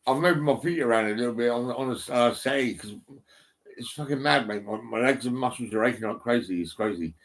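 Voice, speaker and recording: A middle-aged man vlogging from his settee at home speaks a little fast in a mid-range voice into his phone. His casual talk wanders, packed with ums and restarts, and he swears a lot.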